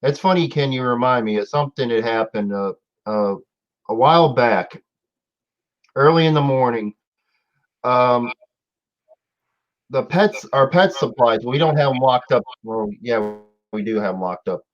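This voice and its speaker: A man hosts a casual live stream chat and tells his story in a rambling, halting way, often backing up to start again. His voice is mid-pitched and sounds dull and muffled, as if recorded on lo-fi gear. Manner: rambling, halting, many fillers and restarts. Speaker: host. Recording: dull lo-fi audio.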